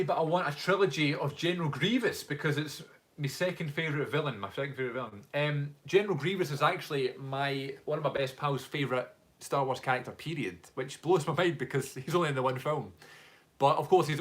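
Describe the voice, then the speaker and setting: A man's voice: medium pitch, a bit bright. A young man with a Glaswegian Scottish accent, chatting casually on a live stream and reading out viewer comments in a rambling way, full of fillers. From Scotland, Glasgow. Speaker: music reaction streamer.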